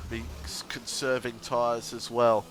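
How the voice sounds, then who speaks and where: A man's voice: mid-range voice, level tone, measured pace, fairly bright tone, soft background music. A young man commentating a sim racing league stream, chatty and laughing as he banters with chat and co-hosts. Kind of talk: casual live stream commentary.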